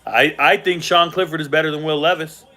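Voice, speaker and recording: A man with a slightly high voice talks fairly quickly while live-streaming a casual reaction to the football draft from a hotel room. He's animated, repeats himself for emphasis, and isn't using his usual setup or microphone.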